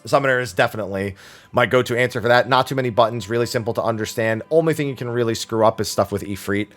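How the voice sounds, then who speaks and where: A man's voice: medium pitch, fast talker, a bit bright. A man streaming a weekly Q&A, talking casually and rambling with lots of fillers, restarts and casual swearing. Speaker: streamer answering viewer questions. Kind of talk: casual chat.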